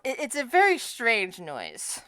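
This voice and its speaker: A woman running a tabletop game as game master, her voice bright and crisp. She narrates with halting restarts as she sets each scene. The sound is close and dry. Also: on the high side, huge pitch swings, no echo. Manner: halting, restarts mid-phrase while describing scenes.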